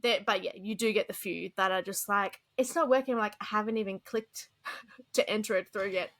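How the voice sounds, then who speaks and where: A woman's voice: medium pitch, flat delivery, moderate pace, a bit bright. A woman co-hosting a podcast in casual chat, chatty and exasperated, laughing often as she tells work stories. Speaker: podcast co-host.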